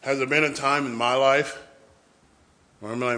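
Bright-voiced man preaching with humor. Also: medium pitch, fairly even intonation, moderate pace. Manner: humorous storytelling, acts out family scenes. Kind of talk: sermon. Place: church with a responding congregation.

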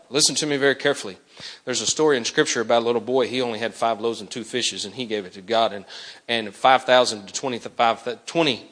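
A man's voice: medium pitch, a bit bright. A man preaching an impassioned sermon, urgently pressing the listeners and breaking into acted-out dialogue.

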